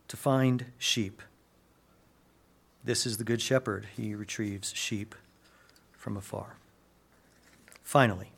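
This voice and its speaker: Preaching man, hushed then booming. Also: measured pace, pauses often. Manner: swings from hushed low asides to loud emphatic peaks; acts out quoted dialogue in lively voices. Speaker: pastor. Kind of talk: sermon.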